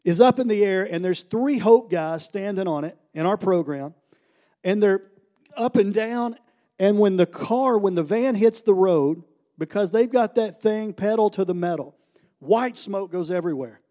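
Guest preacher, male, high pitch, warm tone, lively anecdote-driven sermon. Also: moderate pace. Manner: animated, joking anecdotes. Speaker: guest preacher, ministry founder. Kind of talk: storytelling sermon.

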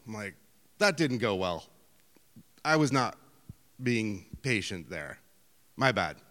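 Middle-aged pastor telling stories from the pulpit, laughs at himself, voice rings around a big hall. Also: male voice, lowish voice, slow pace. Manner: conversational storytelling, self-deprecating, lively outbursts. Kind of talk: sermon. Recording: hall reverb.

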